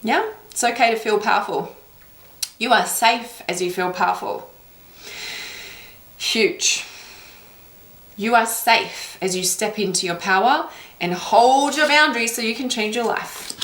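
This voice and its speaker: A woman's voice: fairly high pitch, unhurried, pauses often, fairly bright tone. A woman giving a spiritual card reading, talking in an affirming, encouraging way and laughing often. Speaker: intuitive card reader. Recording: roomy echo.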